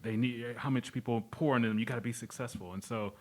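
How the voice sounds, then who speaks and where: A man co-hosting a podcast, speaking in a reflective, measured way. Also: medium pitch, steady tone. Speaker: podcast co-host. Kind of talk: casual podcast chat.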